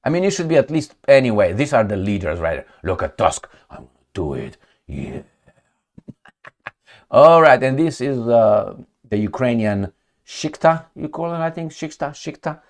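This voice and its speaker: A man's voice: medium pitch, big pitch swings, a little slow. A man giving casual political commentary, mocking and chatty, talking to his viewers like friends. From Romania.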